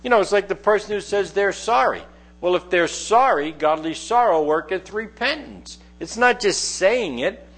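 A man's voice: sits high, expressive, moderate pace, fairly bright tone. A middle-aged man preaching a conversational sermon, reading scripture aloud and explaining it verse by verse. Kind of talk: sermon, Bible teaching.

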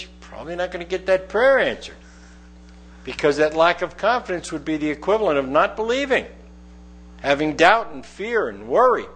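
A man's voice: high voice, fairly bright tone, breathy edge. Man teaching a conversational Bible sermon. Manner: conversational, explains verse by verse, reads scripture aloud. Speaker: preacher.

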